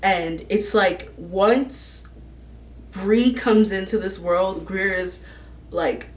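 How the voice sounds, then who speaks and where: A woman's voice: mid-range voice, takes it slowly, far from the mic, a little hiss or hum. A young woman vlogging in a casual, rambling, gushing way, laughing often as she talks about a book's characters. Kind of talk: casual fan casting chat.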